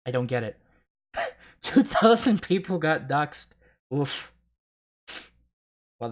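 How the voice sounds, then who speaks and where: A man hosting a casual livestream, talking profanely and rambling, often laughing and tripping over restarts. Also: medium pitch. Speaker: livestream host.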